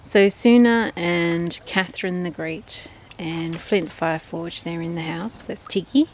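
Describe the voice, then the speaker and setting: An Australian woman films her flock of ducks in her backyard, narrating in a casual, affectionate way. Her voice is lowish and unhurried, and faint outdoor noise can be heard in the background.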